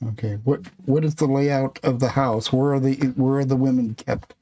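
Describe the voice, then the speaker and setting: A man's voice: medium pitch, fairly even intonation, normal speed, warm tone. Man asking the game master questions. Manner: asks the game master direct practical questions. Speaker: player. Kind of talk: tabletop role-play chat.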